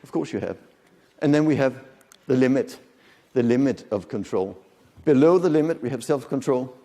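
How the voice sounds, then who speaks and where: Expressive and dark-toned, a mid-range male voice in his fifties delivers a live conference lecture at a moderate pace. He's conversational, tells jokes and quizzes the audience, and the large hall lends a long reverb.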